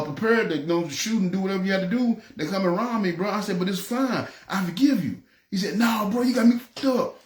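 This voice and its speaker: Man, memphis accent, preacher's testimony, rapid, fairly high voice, echoey room. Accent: Memphis Southern US. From North Memphis, USA. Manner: animated, acts out quoted voices. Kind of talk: testimony storytelling.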